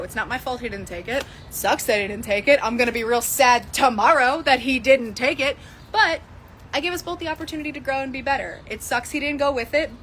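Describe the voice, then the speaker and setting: A woman's voice: high voice, a bit bright, slight background noise. A young woman teaching a casual tarot lesson, chatty and candid, swearing freely and laughing often.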